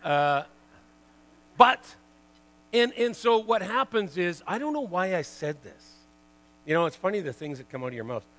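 A man in his sixties, a former pro hockey player, telling lively stories to an audience, full of "you know" and "like" and laughing at his own tales. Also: high voice, normal speed, pauses often, rough recording. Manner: chatty, lots of "you know" and "like". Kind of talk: storytelling talk to an audience.

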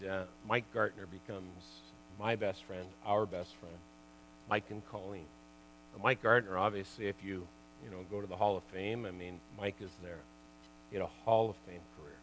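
A man in his sixties, a former pro hockey player, telling lively stories to an audience, full of "you know" and "like" and laughing at his own tales. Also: on the low side, moderate pace, a little hiss or hum, poor audio. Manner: chatty, lots of "you know" and "like". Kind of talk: storytelling talk to an audience.

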